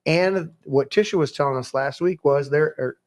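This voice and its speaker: Guy hosting a podcast, kinda high voice, rambles and cusses while reading the news. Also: normal speed. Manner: rambling and profane, stumbling over words. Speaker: podcast host. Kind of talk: casual rant reading news aloud.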